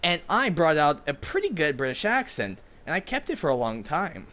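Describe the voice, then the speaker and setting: A man's voice: a little high, huge pitch swings, moderate pace, fairly bright tone. Rambling young American man. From United States. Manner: rambling, full of fillers, jokey. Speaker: gaming streamer. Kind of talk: casual chat while gaming.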